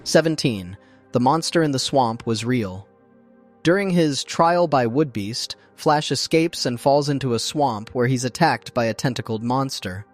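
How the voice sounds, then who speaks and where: A man reading scripted documentary narration in a measured, even storytelling manner, as a close studio voice-over. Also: medium pitch. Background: faint background music.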